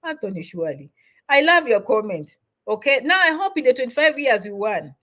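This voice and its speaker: A woman in middle age answers viewer comments on a livestream. Her voice sits a little high, and she talks in an emphatic, encouraging way, repeating words for weight. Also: big pitch swings, brisk, pushed and bright. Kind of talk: livestream Q&A chat.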